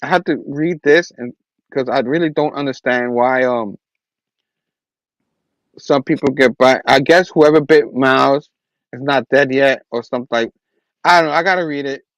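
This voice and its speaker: A man's voice: mid-range voice, moderate pace, pauses often, no room sound, low-quality recording. A man hosting a casual comic book review show, recapping the story in a rambling way. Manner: rambling recap with restarts and acted quotes. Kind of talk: casual chat.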